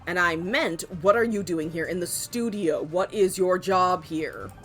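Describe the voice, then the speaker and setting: A woman voicing a gruff male senior detective in a video game, giving blunt commands. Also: fairly low pitch, a little slow, a bit bright, faint music behind. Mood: irritated. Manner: commanding, barking orders.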